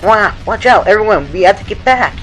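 A man voicing an excitable young creature partner with high, excited calls. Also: takes it slowly, a little hiss or hum, full character voice, poor audio. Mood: alarmed.

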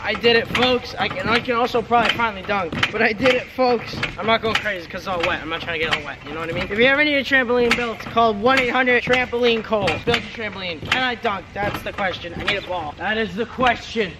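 A man's voice: high voice, quick pace, few pauses, heavy background noise. A teenage guy vlogging in a rambling, joking, self-mocking way, filmed on a handheld camera. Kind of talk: casual vlog.

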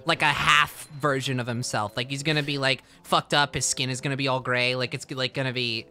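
A woman's voice: very deep voice, fairly even intonation, a little fast, pushed and bright. A woman casually narrating a role-play, giggly and easygoing. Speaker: co-player.

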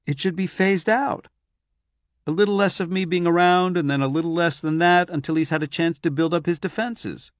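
Man voicing a weary woman doctor, raised pitch. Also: steady tone, normal speed, no room sound, close to an everyday voice. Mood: earnest. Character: tired woman doctor, earnest and soft. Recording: dry, slightly dull audiobook recording.

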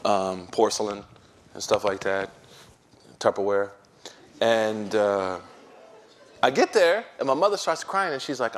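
A man who serves as an imam, giving an informal religious talk to an audience. He tells stories in an animated way, using slang and acting out what people said. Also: fairly low pitch, a little slow, long pauses. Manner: animated storytelling with slang and acted-out quotes.

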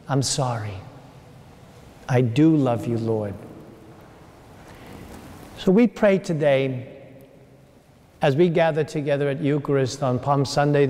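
A man, a priest, delivering a sermon in a slow, earnest way with long pauses. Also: on the high side, mellow. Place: large church. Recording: long church reverb.

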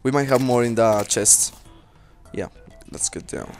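A man's voice: medium pitch, a little slow. A young man giving rambling casual commentary while playing a game, talking to himself and swearing at enemies. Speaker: let's play host. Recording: faint game music behind.

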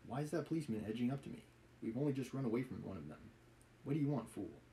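A man's voice: mid-range voice, animated, fast, mellow, slight background noise, lightly acted, poor audio. A man reading a novel aloud, voicing a frantic, proud, impoverished widow in a lofty, pleading manner.

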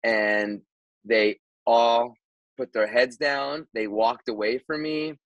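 A man, a radio host guest on a podcast, telling a story casually, animated and swearing, with lots of restarts. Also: mid-range voice, takes it slowly, no echo, highs cut off.

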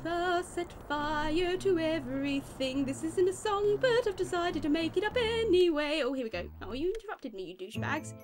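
A young British woman giving fast, excitable let's-play commentary with melodramatic outbursts, game music behind. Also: extremely high pitch. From Britain. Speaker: gaming YouTuber.

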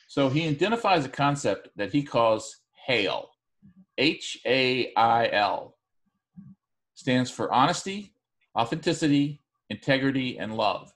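In a recorded class lecture, a man with a mid-range voice explains things in a relaxed, conversational manner, full of fillers and restarts.

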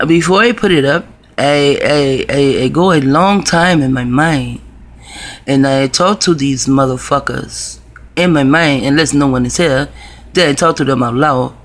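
A man's voice: mid-range voice, unhurried. A man telling a personal story to camera in a rambling, profane, conspiratorial way. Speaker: video blogger.

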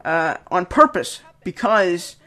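A man's voice: high-pitched, very animated, slow, bright, forceful tone. A young man gives casual, rambling commentary on his own videos, full of fillers and restarts. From Denmark.

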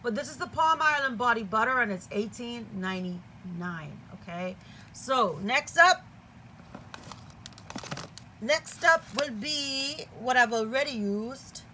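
A woman's voice: on the high side, animated, slow, sharp tone, a little hiss or hum. A woman from the Caribbean giving a chatty, enthusiastic unboxing review, often checking in with "okay?". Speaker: product reviewer.

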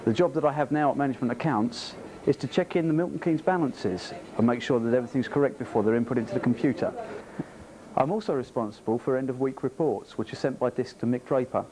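A man introducing himself to camera in a deadpan, jokey way, picked up by a camcorder mic. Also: mid-range voice, fast talker, slight background noise, poor audio. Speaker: office worker.

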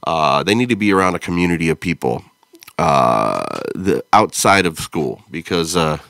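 A man's voice: rumbling low, very animated, normal speed, gravelly, a bit bright, no echo, clean studio sound. An American man hosting a podcast, reacting to a video in blunt, profane, joking casual chat. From United States. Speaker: podcast host.

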